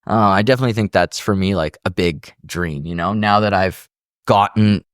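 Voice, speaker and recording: A man hosting a podcast interview, telling animated stories and acting out other people's voices in casual chat. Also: deep voice, normal speed, clear, resonant tone, no echo, studio quality. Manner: animated storyteller who acts out voices. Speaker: podcast host.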